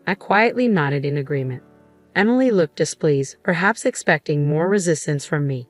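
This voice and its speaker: A woman reading a first-person story aloud in a calm, even voice. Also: low-pitched, normal speed, soft background music. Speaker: narrator.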